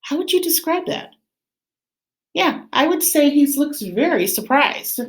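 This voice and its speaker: A woman teacher reading a picture book aloud to children in an expressive, animated way. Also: high-pitched, a little slow, roomy sound. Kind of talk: read-aloud story time for children.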